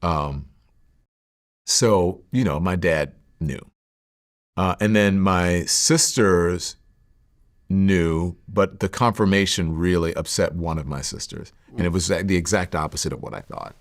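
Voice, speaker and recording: A middle-aged man speaks low with a gravelly edge as he recounts his past. His delivery is reflective and halting, full of fillers and restarts. He sounds like a guest opening up in a sit-down interview. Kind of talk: candid personal storytelling.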